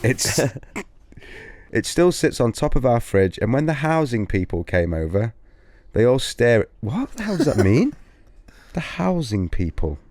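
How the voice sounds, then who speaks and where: A man's voice: medium pitch, big pitch swings, measured pace, darkish tone, no room sound. A man co-hosting a podcast, reading listener stories aloud in a giggly, casual way. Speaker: podcast co-host.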